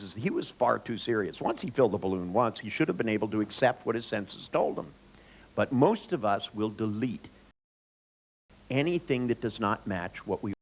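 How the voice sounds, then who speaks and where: Gravelly man telling a lively story. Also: medium pitch, poor audio. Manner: animated, chatty, with many restarts. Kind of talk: anecdotal storytelling talk.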